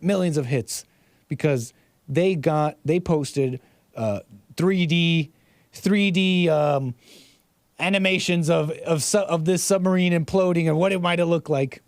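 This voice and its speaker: A man's voice: a little high, no room sound, studio quality. A man hosting a casual livestream, reading viewer messages and rambling sarcastically with frequent restarts. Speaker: livestream host.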